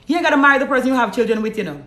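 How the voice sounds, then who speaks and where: A woman's voice: on the high side, animated, racing, a bit bright. Blunt Jamaican woman host, roomy echo. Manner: blunt, preachy, reads out viewer comments. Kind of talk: live-stream talk.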